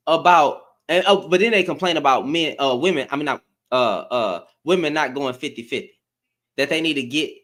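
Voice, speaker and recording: A man's voice: medium pitch, a bit bright. A man hosting a live stream, giving heated commentary in an exasperated tone, repeating himself for emphasis and swearing.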